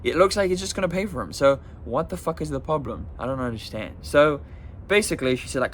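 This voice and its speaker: A man's voice: on the high side, fast talker, a little hiss or hum. A man telling a story in a casual, exasperated rant, swearing and using lots of fillers. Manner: profane, exasperated, many fillers. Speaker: vlogger.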